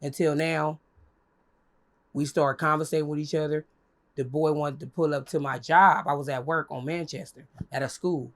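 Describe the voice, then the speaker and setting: A young woman telling a story as an interview guest, animated and profane, acting out what others said in a high voice. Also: moderate pace. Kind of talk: casual storytelling.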